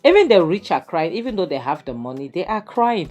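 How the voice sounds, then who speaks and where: A woman's voice: low voice, big pitch swings, fairly quick, hardly any pauses, a little mellow, faint music behind. A young Nigerian woman vlogging a chatty review of a drama series, full of "you know" and "to her it was more like" as she recaps the scenes. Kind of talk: casual video commentary.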